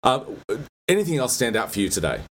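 A man's voice: medium pitch, wildly swooping pitch, fast talker, fairly bright tone, a little hiss or hum. A man with an Australian accent hosting a casual podcast, gushing and enthusiastic. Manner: enthusiastic, gushing, says "bloody". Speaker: podcast host.

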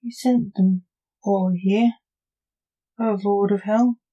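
A woman's voice: mid-range voice, fairly even intonation, takes it slowly, dark tone, lo-fi sound. A woman voicing a sarcastic, teasing young male necromancer bantering with his father. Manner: sarcastic, joking.

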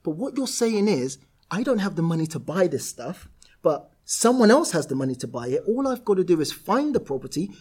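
Male guest, raised pitch, slightly husky, animated anecdotal delivery. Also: brisk. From South-East London, England. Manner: animated, laughs through his anecdotes. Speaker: property entrepreneur guest. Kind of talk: casual storytelling interview.

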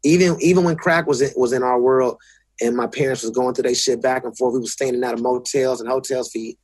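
Husky, profane Los man. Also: medium pitch, fairly even intonation, quick pace, darkish tone, no room sound. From South Central Los Angeles. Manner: blunt, profane, restarts often. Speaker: guest. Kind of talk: casual interview talk.

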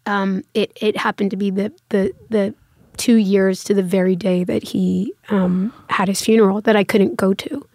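A woman in her thirties chats as a guest, looping through "like" and small restarts as she tells her story. Her voice sits at a middling pitch, recorded close and dry with no room sound. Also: flat delivery, normal speed, a little mellow, no room sound. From United States. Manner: chatty, many fillers and restarts. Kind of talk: casual interview conversation.

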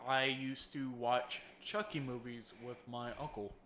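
A man's voice: mid-range voice, steady tone, unhurried, bright, forceful tone, a little hiss or hum. A man co-hosting a casual podcast with his sibling, mumbling his stories and trash-talking with heavy swearing. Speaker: podcast co-host. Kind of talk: casual chat.

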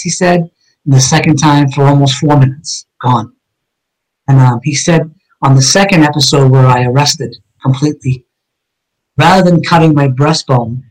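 A man's voice: medium pitch, low-quality recording. A man as an interview guest, earnestly telling a personal story and acting out the quoted dialogue as he goes.

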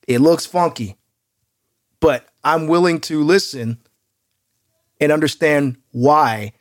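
A man co-hosting a podcast in casual chat, animated and joking. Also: a little high. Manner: animated and joking, quick to laugh. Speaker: podcast co-host.

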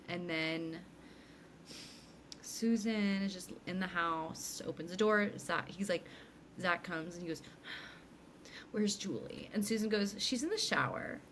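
A woman's voice: lowish voice, slight background noise. A young woman co-hosting a podcast, chatting casually and acting out characters' lines as she recaps an episode. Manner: animated retelling, acts out characters' lines. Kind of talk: casual chat.

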